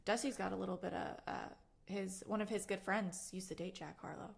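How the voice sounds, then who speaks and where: Gravelly-voiced easygoing woman cohost. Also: medium pitch, fairly even intonation, fairly quick. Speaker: podcast co-host. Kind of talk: casual chat.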